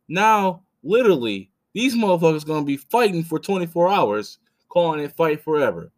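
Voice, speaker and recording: A man's voice: a little high, sing-song, normal speed. A man in his thirties hosting a podcast, telling a story casually with blunt, profane, rambling talk full of restarts. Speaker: podcast host.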